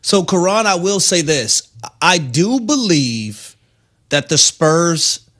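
A man's voice: on the high side, big pitch swings, slow, fairly bright tone. A man co-hosting a sports radio show, arguing his points in a conversational way.

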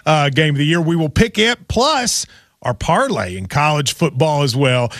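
A man's voice: fairly high pitch, a bit bright, no room sound. A man co-hosting a sports radio show, talking in a joking, casual way and laughing often.

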